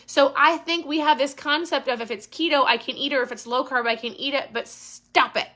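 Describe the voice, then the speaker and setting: A woman's voice: sits high, fairly even intonation, fast, bright, forceful tone. A woman hosting a casual live Q&A, talking with intensity and getting worked up. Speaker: host.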